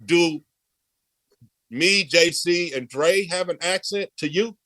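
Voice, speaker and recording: A man co-hosting a casual sports debate show, animated and quick to laugh, firing off provocative questions. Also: high-pitched, no echo. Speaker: co-host.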